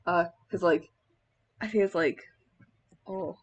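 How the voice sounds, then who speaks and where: A woman's voice: fairly low pitch, slow. A young woman chatting casually in a vlog while styling a cosplay wig, rambling with many filler words and laughing mid-sentence.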